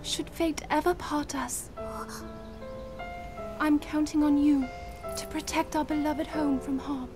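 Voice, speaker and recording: A woman voicing a gentle, protective young fish-like princess in a game cutscene, soft and earnest. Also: sits high, little pitch movement, takes it slowly, pauses often, music in the background.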